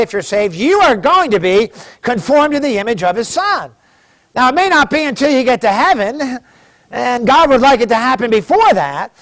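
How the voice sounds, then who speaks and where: A man preaching a sermon as pastor, reading scripture aloud slowly and with emphasis. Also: very high-pitched.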